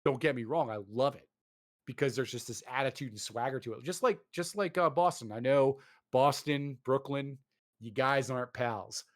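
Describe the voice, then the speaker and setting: A man's voice: medium pitch, moderate pace. Ranting man in casual gaming chat. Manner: animated ranting, swearing, lots of fillers.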